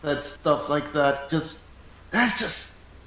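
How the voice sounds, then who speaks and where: A man in casual chat, breaking in with halting, exasperated remarks. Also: fairly high pitch, expressive, bright, forceful tone, slight background noise. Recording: echoey room.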